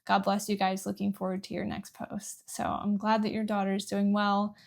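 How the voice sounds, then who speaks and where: Woman, candid vlogger, emotional and rambling, steady gravelly delivery. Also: mid-range voice, moderate pace. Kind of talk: personal talk to camera.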